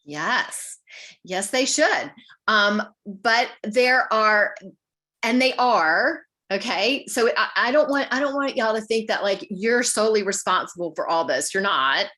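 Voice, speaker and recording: Woman, patient advocate, informal community talk, brisk practical advice, mid-pitched. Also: pushed and bright. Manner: practical, conversational, acts out short dialogues.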